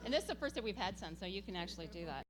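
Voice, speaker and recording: A woman giving a tribute speech at a gathering, telling animated stories and laughing often. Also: mid-range voice, very fast. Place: event gathering.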